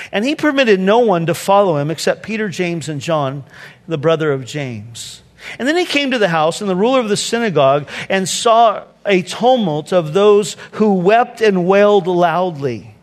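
A man with a high, light voice preaches a sermon, dropping to hushed, soft lines and then breaking into quick, conversational asides. His voice carries a long reverb from a large church hall. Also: lively intonation. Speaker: pastor. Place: church sanctuary.

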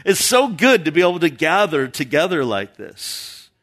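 A man's voice: fairly high pitch, big pitch swings, normal speed, a bit bright. A male pastor preaching an earnest sermon to his congregation, reading scripture aloud and explaining it verse by verse. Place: church sanctuary with a live congregation.

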